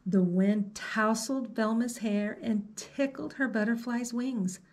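A woman librarian reading a picture book aloud to children, slow and gentle, stopping to ask the listener questions. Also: on the high side.

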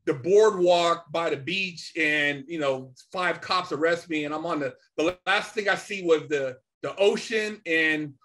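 A middle-aged man telling a story casually and animatedly, swearing often and filling pauses with "you know" and "man". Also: a little high. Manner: animated, swears a lot, many fillers. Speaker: podcast guest.

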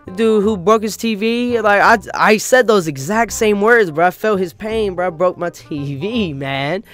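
Young male gaming YouTuber, high-pitched, profane and animated casual rant. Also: moderate pace, faint music behind. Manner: profane, animated, peppered with "bro" and "you know what I mean".

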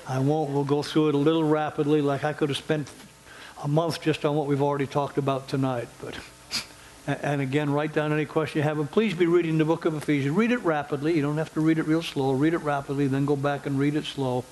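A man's voice: fairly high pitch, fairly even intonation, fast, darkish tone, low-quality recording. Older man preaching earnestly, faint hum. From United States. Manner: earnest, conversational preaching with repeated phrases. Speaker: pastor emeritus. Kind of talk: sermon and closing prayer. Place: church sanctuary.

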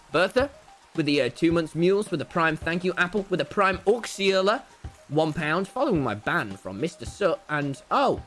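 A young man streaming a game live, talking loudly and excitably to his chat in a brash, boastful way. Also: on the high side. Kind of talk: livestream gaming commentary.

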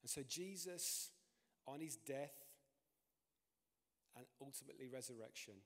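A man preaching a sermon as pastor, animated, his voice climbing and dropping in pitch and loudness. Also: unhurried. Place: church. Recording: long reverb of a church hall.

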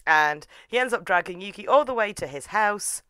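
A young woman giving a chatty, wry review that is casual and animated. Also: mid-range voice, normal speed, clear, resonant tone, dry recording. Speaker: anime reviewer.

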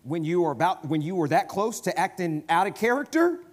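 In a church sanctuary, a guest preacher with a Southern US accent delivers a conversational sermon, moving from quiet asides to loud, emphatic bursts. He speaks fairly quickly in a high-pitched voice with big swings in pitch.

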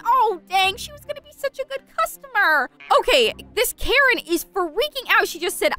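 A young woman hosting a gaming channel, narrating a game role-play in a chatty, excitable way and talking to her viewers. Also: very high-pitched, normal speed, hardly any pauses, soft background music.

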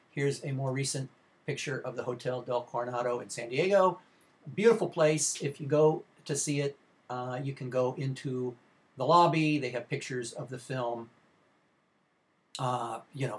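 A middle-aged man giving a recorded slide lecture for a film class, informal and rambling, with many fillers and restarts. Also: medium pitch.

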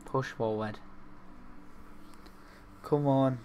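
A young man, from north-east England, hosting a let's-play of a football management game and swinging between muttering and excited outbursts. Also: mid-range voice, extremely slow, slight background noise. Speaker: gaming video host.

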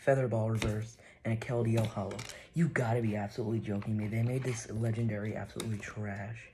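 A man's voice: lowish voice, fast, noisy background. Man vlogging with kitchen clatter behind. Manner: playful mock threats, excitable reactions. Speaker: card-opening vlogger. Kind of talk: casual commentary while opening cards.

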